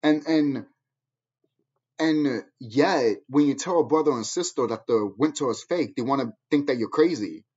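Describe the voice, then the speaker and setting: A man's voice: medium pitch, moderate pace, a little mellow, breathy edge. A man ranting at viewers in a profane, angry, preachy monologue, heard on a dull lo-fi recording. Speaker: vlogger.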